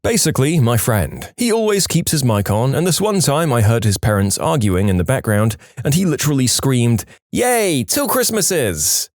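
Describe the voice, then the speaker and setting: A man's voice: medium pitch, fairly quick, hardly any pauses, dry recording, clean studio sound. A man narrating submitted stories in a scripted storytime reading, acting out the quoted voices. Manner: lively, acts out quoted voices.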